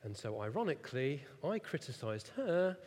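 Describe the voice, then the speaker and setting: A man's voice: mid-range voice, moderate pace, slight background noise. A man in his thirties preaching a sermon and telling a story against himself, often laughing at his own failings. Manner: self-mocking, animated storyteller who laughs at himself. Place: church hall. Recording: echoey hall reverb.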